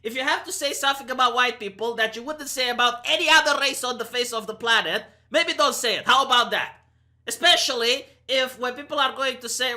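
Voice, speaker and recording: A Romanian-accented woman in her thirties holds forth in a vlog rant, sarcastic and swearing freely. Her voice sits a touch high and sounds bright and sharp. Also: big pitch swings, brisk. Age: 30s. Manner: heated, sarcastic, profane ranting. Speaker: commentary vlogger. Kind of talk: opinion rant to camera.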